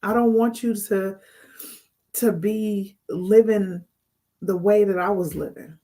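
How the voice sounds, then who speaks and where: A woman's voice: medium pitch, steady tone, takes it slowly, mellow. A woman hosting a heartfelt spiritual talk as a life coach, speaking to the camera in an earnest, emotional way and often repeating her words. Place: indoors, on camera.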